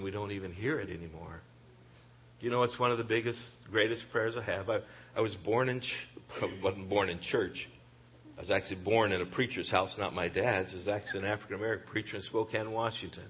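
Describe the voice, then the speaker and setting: A man preaching a sermon as pastor in a church, impassioned, rising to loud emphatic peaks and dropping soft, repeating phrases and quoting voices dramatically. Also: on the low side, muffled recording.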